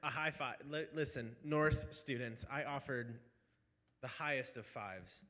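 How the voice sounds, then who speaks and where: A man's voice: medium pitch, a little slow, sharp tone, in a large hall. A man who is a student pastor, telling funny stories in playful banter on a church live stream. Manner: playful storyteller.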